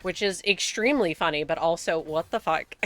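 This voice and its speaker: A woman's voice: lowish voice, moderate pace, a bit bright, no room sound, soft background music. A young American woman streaming a game, chatting casually with frequent swearing and laughter. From United States. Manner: chatty, swears often, laughs between remarks. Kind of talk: casual gaming commentary.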